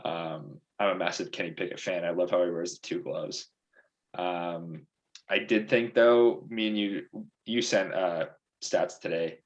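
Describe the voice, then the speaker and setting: Young male co-host with a low voice, chatty and enthusiastic about sports. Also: fairly even intonation, a little slow, highs cut off. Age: young adult. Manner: enthusiastic, chatty fan talk. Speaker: podcast co-host. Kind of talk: casual sports chat.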